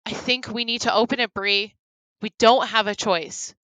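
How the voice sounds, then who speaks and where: A woman reading the lines of a desperate young man who speaks urgently, shouting and then soothing. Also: on the high side, fairly even intonation, normal speed, no room sound, close to an everyday voice, low-quality recording. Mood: tense.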